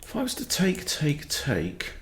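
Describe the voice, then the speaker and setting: A man's voice: on the high side, wildly swooping pitch, unhurried. A man who coaches chess, thinking aloud and muttering his moves as he plays a live game at his computer.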